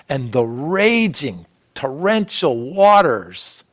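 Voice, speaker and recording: A man preaching a sermon as a pastor, earnest, with phrases that swell and then drop to a soft hush. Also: on the high side, expressive, slow. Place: church sanctuary.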